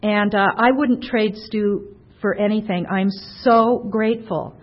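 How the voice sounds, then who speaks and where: A middle-aged woman sharing a personal testimony at a recovery meeting, soft-spoken and grateful. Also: mid-range voice, steady tone, a little slow. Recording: dull lo-fi recording with faint noise.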